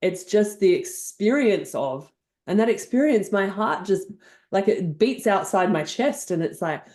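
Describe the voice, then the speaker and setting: An older woman with an Australian accent, a guest on a podcast interview, telling stories in an effusive, animated way. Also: mid-range voice, a little slow. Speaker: guest NLP trainer.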